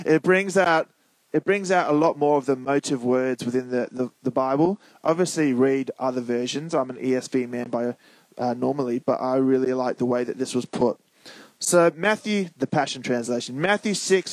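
A man's voice: mid-range voice, normal speed, no echo, low-quality recording. A man preaching in a casual, conversational way, reading scripture and asking the listeners to call out answers. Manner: conversational, prompts the audience to call out.

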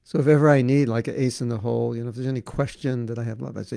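A man teaching and answering listeners' questions in a devotional talk, speaking in a conversational, gently coaxing way. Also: medium pitch, fairly even intonation, very fast, creaky, hardly any pauses, dry recording, studio quality. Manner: conversational, gently coaxing, frequent "you know".

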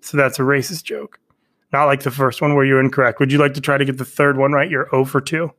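A man, a comedian guest, telling jokes in deadpan slow setups over a video call. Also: medium pitch. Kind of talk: casual podcast chat.

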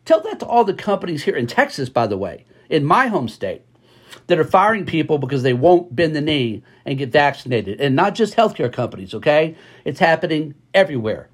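Podcast host, a man with a fairly high voice, forceful and repetitive market commentary, lots of fillers. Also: breathy edge. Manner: emphatic, repeats words for stress; frequent fillers and restarts.

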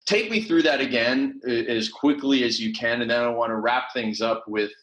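A man hosting an interview, briskly affirming his guest and moving the talk along. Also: mid-range voice, fairly bright tone. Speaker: host. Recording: roomy echo.

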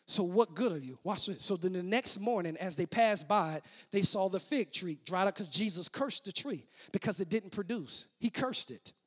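A man preaching a sermon, starting as casual teaching and building to loud shouted preaching, repeating and restarting his words. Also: high-pitched, expressive, normal speed, hardly any pauses, slightly rough.

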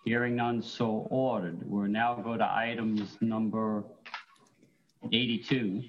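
A fairly low-voiced man chairs a council meeting, moving item by item through motions and objections at a measured, procedural pace. The sound is dull and lo-fi, like remote meeting audio. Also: fairly even intonation, slight background noise. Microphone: remote call-in audio.

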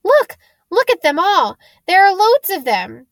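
A woman reading the part of an eleven-year-old boy wizard in an audiobook, with urgent, hushed and excited lines. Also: very high voice, a little slow, no room sound, pitched above the performer's own voice, full character voice.

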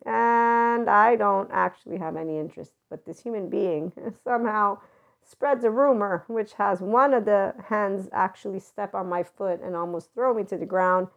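A woman's voice: medium pitch, moderate pace, vocal fry. A woman host telling personal stories in a blunt, profane way, often breaking into laughter. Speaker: podcast host. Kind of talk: candid storytelling monologue. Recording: dull lo-fi recording.

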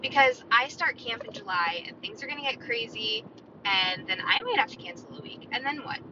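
A woman in her thirties rambles through a solo podcast, chatty and opinionated, her voice sitting a bit high. She is recorded on a dull, lo-fi phone mic. Clear traffic noise runs behind her. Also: expressive, fairly quick. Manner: chatty and opinionated, lots of "like" and "right?". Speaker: podcast host. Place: parked outdoors near a store parking lot, car or street sounds behind.

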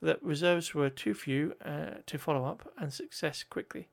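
Guy reading history notes out loud, kinda high voice with some gravel, trips over words and fixes them. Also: normal speed. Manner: stumbles over words and corrects himself.

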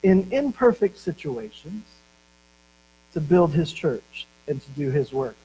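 A man preaching a sermon as pastor, telling stories and slowing down to stress key words. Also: a little high, big pitch swings, mellow, rough recording.

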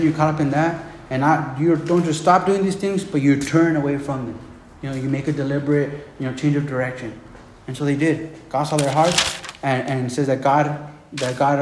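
A male pastor preaching a Bible sermon in a casual, repetitive way, often saying "man". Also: mid-range voice. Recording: roomy room, faint background noise.

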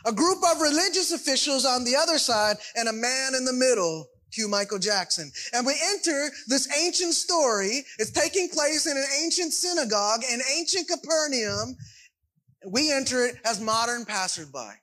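A man with a high, bright voice delivers a sermon in an easy, conversational way. He keeps checking in with the congregation as he goes. His tone stays relaxed and folksy. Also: moderate pace, low-quality recording. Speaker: pastor.

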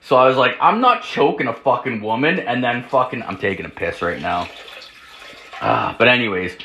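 Guy rambling crude stories, like like like, swears nonstop, bright punchy voice. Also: mid-range voice, normal speed, creaky. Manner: rambling, profane, full of "like" fillers; animated, jumps into acted-out quotes. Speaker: podcast host. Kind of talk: crude casual storytelling.

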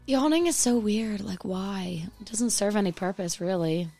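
A woman co-hosting a podcast in casual chat, telling stories in a chatty, animated way. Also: mid-range voice, normal speed, dry recording. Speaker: podcast co-host.

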